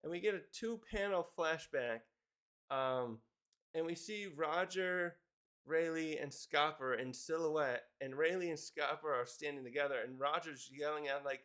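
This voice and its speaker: A man's voice: a little high, normal speed, a bit bright, clean tone. A man casually recapping a comic chapter, rambling with fillers and chuckles. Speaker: manga reviewer.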